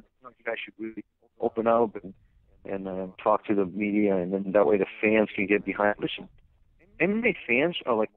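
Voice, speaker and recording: A man's voice: fairly low pitch, no echo. Ranting man on a tinny phone line. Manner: blunt, ranting, many fillers. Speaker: fighter's manager. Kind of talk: phone interview.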